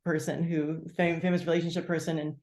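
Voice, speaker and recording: A woman leading a group, sharing her story candidly and haltingly, full of "like" fillers, on a video call. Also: deep voice, level tone, a little mellow, roomy sound. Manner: candid, halting, many "like" fillers, bursts of acted-out quotes. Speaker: team leader sharing gratitude.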